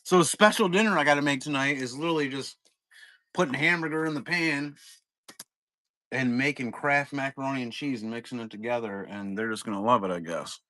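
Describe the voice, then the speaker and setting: A middle-aged man talks loosely and at length, drifting from one story to the next, with plenty of cursing and chuckling at his own tales. His voice is bright and a little tense. The sound is close and dry, with no room around it. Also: medium pitch, brisk, no echo. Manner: rambling storyteller, swears freely, laughs at his own stories. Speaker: live-stream seller. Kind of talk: casual chat. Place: at home, sitting.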